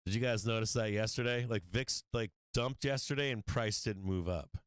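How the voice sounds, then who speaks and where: A man with a fairly low voice talks markets on a livestream, blunt and profane, laughing between points. His tone is smooth and clear. The sound is dry and close, with no room around it. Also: normal speed, no echo. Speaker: stock market livestream host. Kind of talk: casual trading livestream talk.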